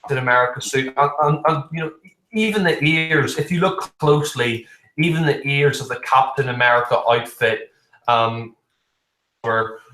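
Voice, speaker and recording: A man's voice: mid-range voice, normal speed, bright, forceful tone. A man gives a casual film review in a mid-range voice, rambling along with constant fillers and blunt, profane put-downs. His voice rings with the echo of a roomy space.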